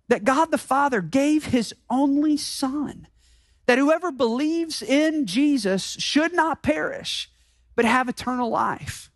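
A man preaching a sermon as pastor, emphatic and slowing down to repeat key phrases. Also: extremely high pitch, lively intonation, a bit bright, no echo. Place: church sanctuary.

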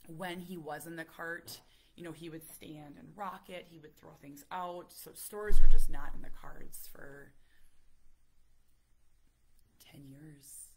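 A woman in her thirties, a parent vlogger telling a story in casual, animated chat, full of fillers and acted-out quotes. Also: fairly low pitch, normal speed, a little hiss or hum. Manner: animated, chatty, many fillers, acts out quotes.

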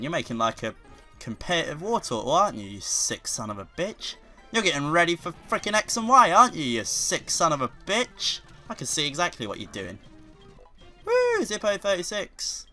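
Excitable man commentating a video game. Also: medium pitch, brisk, soft background music. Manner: excitable, swears often, sudden loud outbursts. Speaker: let's play commentator.

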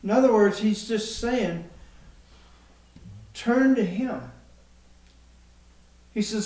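Male preacher, high voice, slow deliberate sermon, echoey church room heard from a distance. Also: darkish tone. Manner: slow, emphatic delivery. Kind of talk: sermon with scripture reading.

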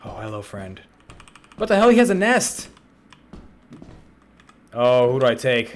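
A man swearing loudly and bantering as he plays a game with friends, yelping when startled. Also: medium pitch, sing-song, unhurried. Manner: loud, swearing, jumps into yelps when startled. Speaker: gamer streaming with friends. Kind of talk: casual gaming banter.

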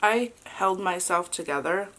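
A woman in her thirties chatting casually as a vlogger and mother, halting and soft with many fillers, fighting back tears. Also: fairly low pitch, animated. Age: 30s. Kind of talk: casual confessional chat.

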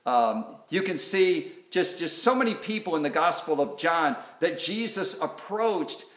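A man preaches in an earnest, searching way, often stopping to restart a thought. His voice sits a bit high for a man. The sound rings around a roomy church hall. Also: animated, fairly bright tone. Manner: earnest, halting with many fillers and restarts. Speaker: pastor. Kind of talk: sermon. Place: church sanctuary.

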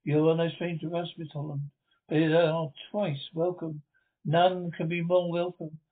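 A man's voice: on the high side, level tone, normal speed, natural voice. A man reading the part of a distraught young man of the house, urgent and pleading. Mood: welcoming. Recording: tinny phone-like audio.

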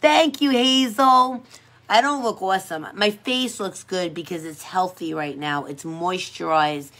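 A woman's voice: fairly low pitch, unhurried, a bit bright. A woman who works as a pedicure technician, chatting casually on a livestream in a sassy, playful way and laughing often.

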